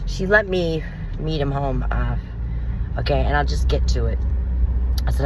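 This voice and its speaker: A woman's voice: a bass voice, moderate pace, pauses often, noisy background. A woman and mother telling her own painful story on a vlog, in an emotional, rambling, confessional way. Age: adult, mother of young children.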